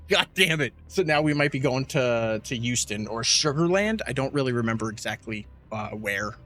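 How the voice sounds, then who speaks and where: A man's voice: medium pitch, a little slow, a little hiss or hum. A man co-hosting a podcast, telling a story with lots of swearing and acted-out quotes in casual chat. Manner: animated storyteller, swears freely, acts out quotes. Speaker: podcast co-host.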